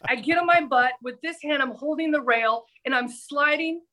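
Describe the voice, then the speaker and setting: A middle-aged woman, a former TV news reporter, telling a personal story on a podcast with animated, dramatic delivery. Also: high-pitched. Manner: animated, breathless anecdote-telling with dramatic pauses. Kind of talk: casual storytelling.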